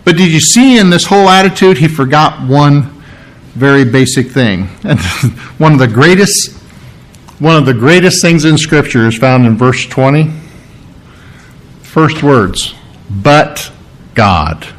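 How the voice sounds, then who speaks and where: In a low-quality recording, a man with a fairly high voice delivers a sermon and Bible reading at an unhurried, expressive pace. Like a teacher, he earnestly works through scripture word by word, driving home key phrases by repeating them.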